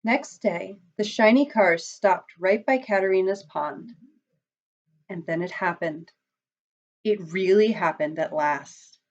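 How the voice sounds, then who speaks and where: A woman storyteller reading a children's picture book aloud, in an expressive, dramatic manner. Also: mid-range voice, takes it slowly. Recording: dull lo-fi recording.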